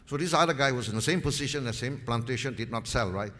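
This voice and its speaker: Animated, fast, and forceful, this man's bright medium-pitched voice carries a market presentation full of anecdotes. He's a seminar speaker who repeats key phrases for emphasis, recorded with the long reverb of a seminar hall.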